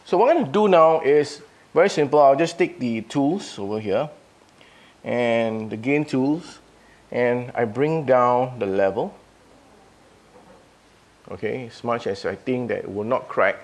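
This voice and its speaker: A man's voice: mid-range voice, unhurried, pauses often. A man running a live audio product demo. He thinks aloud, restarting his sentences as he works.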